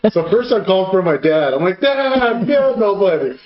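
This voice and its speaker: A man's voice: high voice, big pitch swings, moderate pace. Profane laughing man in an echoey room. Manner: profane, laughing while telling a story. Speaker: podcast co-host. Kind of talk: casual storytelling. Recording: echoey room, dull lo-fi sound, faint noise.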